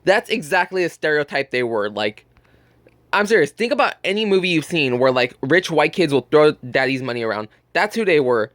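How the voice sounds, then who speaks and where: A man's voice: a little high, big pitch swings, brisk, a bit bright, dry recording, clean studio sound. A young man telling a blunt, profane story about work in a casual vlog. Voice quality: burping, just ate. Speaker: gaming channel host.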